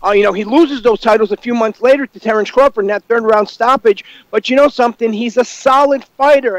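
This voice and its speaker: A man's voice: extremely high pitch, no echo, muffled recording. A man appearing as a guest analyst on a talk show, walking through fighters' records with a lot of "you know" fillers. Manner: fact-heavy, full of "you know" fillers. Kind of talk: casual call-in commentary.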